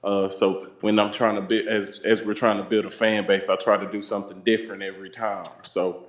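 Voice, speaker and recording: A male stand-up comedian, a guest, talking about his comedy in a halting casual way. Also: lowish voice, little pitch movement, echoey room. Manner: halting, with many fillers. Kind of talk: casual chat.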